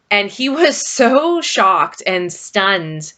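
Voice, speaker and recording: Woman, middle-aged, slow unhurried pace, chatty rambling vlog talk, medium pitch. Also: lively intonation, sharp tone. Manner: chatty, rambling, frequent fillers. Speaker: vlogger. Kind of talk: casual personal talk to camera.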